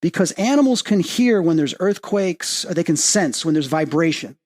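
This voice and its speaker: A man hosting an interview as a medium, telling a story with rising excitement and lively quoting of others. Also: moderate pace. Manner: excitable, rising pitch when quoting and emphasizing. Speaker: podcast host and medium. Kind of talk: animated storytelling in casual interview.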